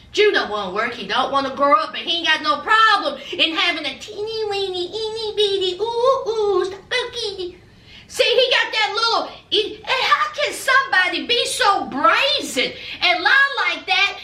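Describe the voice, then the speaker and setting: A woman's voice: very high voice, pushed and bright. A woman reviewing a reality show in casual, sassy, teasing gossip commentary. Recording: echoey room, distant from mic.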